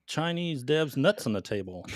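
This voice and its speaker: A man's voice: medium pitch, very animated, moderate pace, dry recording, studio quality. A middle-aged man hosting a gaming podcast, joking and teasing in casual chat. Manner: loud, teasing, joking banter. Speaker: podcast host.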